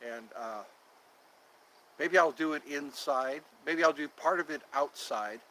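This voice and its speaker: A man's voice: fairly high pitch, a little slow, pushed and bright, a little hiss or hum, low-quality recording. A man hosting a casual livestream from outdoors in the cold on his phone, rambling and repeating himself as he talks to viewers. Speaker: livestream host.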